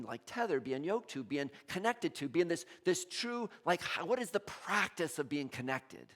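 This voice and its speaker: A man preaching a sermon as pastor in a church, animated, acting out quoted voices and joking with the congregation. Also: on the high side.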